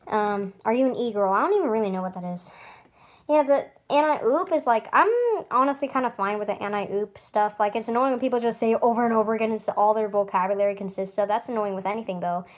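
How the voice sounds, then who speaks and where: A woman's voice: medium pitch, steady tone, a little fast. A woman vlogger chatting casually to camera, rambling and often stuttering and restarting. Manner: chatty, rambling, with frequent laughs.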